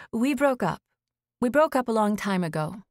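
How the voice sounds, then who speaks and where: A woman's voice: a little high, lively intonation, slow, dry recording, clean studio sound, pitched above the performer's own voice. A woman narrator voicing a nervous, breathless woman in her thirties who rambles on a phone call, read as audiobook dialogue. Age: 30s.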